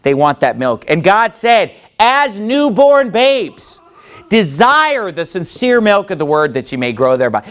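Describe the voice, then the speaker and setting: A man preaching a sermon as pastor, animated and full of rhetorical questions, reading scripture in old-fashioned wording. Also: sits high, a little slow, clean tone.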